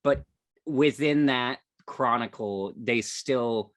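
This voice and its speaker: A man's voice: mid-range voice, slow pace, no echo. Rambling man on a podcast, dry sound. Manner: rambling, hedging, full of "like" and "um". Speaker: podcast co-host. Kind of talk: casual podcast chat.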